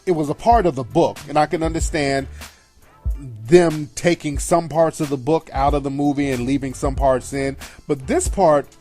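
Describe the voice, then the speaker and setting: A man's voice: fairly high pitch, normal speed, dark tone. A man, middle-aged, hosting a radio show and giving a blunt, profane, scornful review of a film in an emphatic monologue. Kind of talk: opinionated monologue. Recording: faint music behind.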